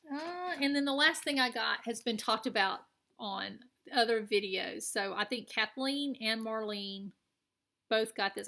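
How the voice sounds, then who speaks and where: A woman's voice: medium pitch, creaky, fairly bright tone. A woman with a Southern American accent chatting casually and enthusiastically while showing her craft purchases. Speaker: cross-stitch vlogger. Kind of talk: casual show-and-tell chat.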